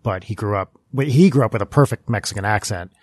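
A man with a mild Northeastern US accent, musing in casual podcast chat with halting restarts. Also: fairly low pitch, darkish tone, slightly rough. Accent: mild generic Northeastern US. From North Jersey. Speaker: guest, former physics professor.

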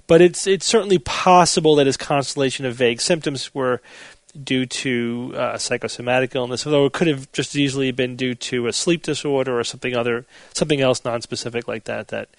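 A man hosting a casual podcast chat, explaining things in a measured way. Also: mid-range voice, dry recording. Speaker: podcast host.

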